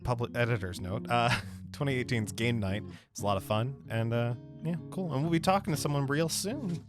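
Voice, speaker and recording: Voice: mid-range voice, brisk, music in the background. A podcast co-host in casual chat, teasing and jokey, reading out the show's plugs.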